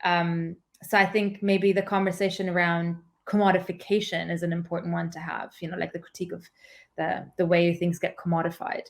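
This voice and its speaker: A woman guest who is an academic, speaking thoughtfully in a podcast interview and pausing on frequent "um"s. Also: on the low side, little pitch movement, gravelly. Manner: thoughtful, measured, many "um"s. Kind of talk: conversational interview.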